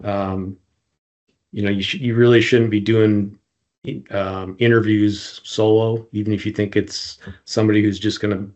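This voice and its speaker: A man with a low, flat voice lists advice. He is a guest investigator and speaks in a plain, matter-of-fact way. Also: moderate pace, muffled recording. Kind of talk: listing practical advice.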